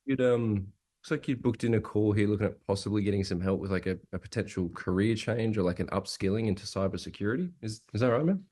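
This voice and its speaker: A man's voice: lowish voice, fast talker, few pauses, mellow. A man practising a sales call, hesitant and casual, often repeating words. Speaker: salesperson in training.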